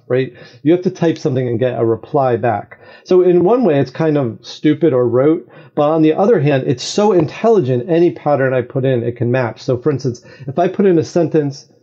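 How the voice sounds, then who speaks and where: A man talking as a podcast guest, explaining at length in an animated way and often checking in with "right?". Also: fairly high pitch, dull audio. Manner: animated, talks in long explanations with frequent "right?". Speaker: guest, AI games designer. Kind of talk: conversational explanation.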